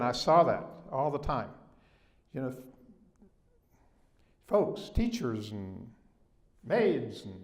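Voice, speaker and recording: Older Southern man telling stories in an echoey room. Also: fairly high pitch. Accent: Southern American. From Southern United States. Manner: storytelling, emphatic on key points. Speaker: guest speaker. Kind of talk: public talk.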